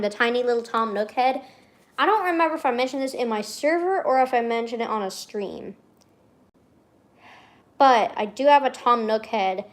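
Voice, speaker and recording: A young adult woman streamer in casual chat, reading aloud from her old journal with excitable rambling and frequent swearing. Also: a little high.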